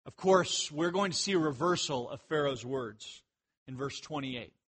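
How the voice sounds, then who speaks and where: Animated high-voiced man preaching. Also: normal speed, husky. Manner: animated, jokey storytelling with sudden outbursts. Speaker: pastor. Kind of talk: sermon.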